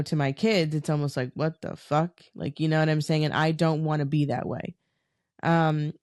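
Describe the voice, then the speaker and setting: A woman's voice: sits low, darkish tone, no room sound, clean studio sound. A woman hosting a solo podcast, talking candidly and emotionally to her camera. She is frank and profane, reassures her listeners, and gets choked up and tearful. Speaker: podcast host.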